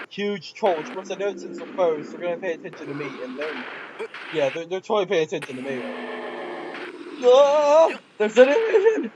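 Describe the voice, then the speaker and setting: A man giving let's play commentary, excitable and yelping at jump scares. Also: on the high side, muffled recording, noisy background. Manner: excitable, yelps and shrieks at scares. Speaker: gameplay commentator.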